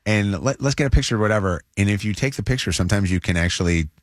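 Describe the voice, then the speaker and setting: A man's voice: lowish voice, animated, fast, no echo, studio quality. A man hosting a morning radio show, chatting casually and giving listeners ways to call in. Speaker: radio host.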